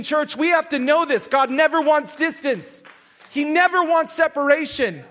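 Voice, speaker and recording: Man, very high voice, forceful, preaching a sermon, emphatic, repeats himself, bursts into shouts. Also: normal speed.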